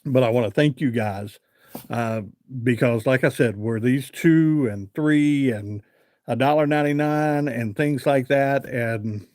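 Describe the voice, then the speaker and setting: A man's voice: mid-range voice, darkish tone, no room sound, studio quality. A man hosting a live chat, telling a rambling everyday story with lots of fillers and "I said" asides. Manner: chatty, rambling with fillers and repeated "I said". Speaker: livestream host.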